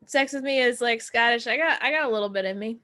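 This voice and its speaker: Giggly improv woman, high bright voice. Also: fast. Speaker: improv performer. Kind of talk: improv comedy one-liners. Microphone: video call.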